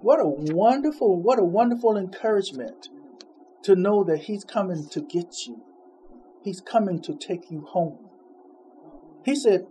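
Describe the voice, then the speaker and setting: High-voiced man preaching casually. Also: lively intonation, warm tone, slight background noise. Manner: conversational, laughs between points, reads scripture slowly. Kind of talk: informal sermon.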